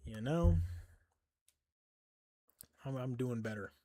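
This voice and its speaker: A man's voice: medium pitch, slow, warm tone, dry recording, studio quality. A young man live-streaming a game and chatting casually, swearing constantly, joking and laughing often, and sounding tired. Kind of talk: casual stream chat while gaming.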